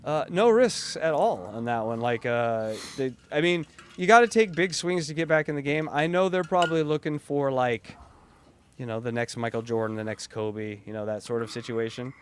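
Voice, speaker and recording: A man co-hosting a casual sports podcast, loud, profane and jokey. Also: mid-range voice, normal speed, slight background noise. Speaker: podcast co-host.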